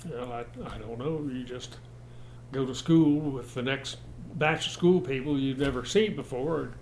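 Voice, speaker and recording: An older American man reminiscing about his childhood in a relaxed interview, chuckling and restarting his sentences as he goes. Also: medium pitch, measured pace, a little hiss or hum. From United States. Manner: rambling, chuckling storyteller with frequent restarts.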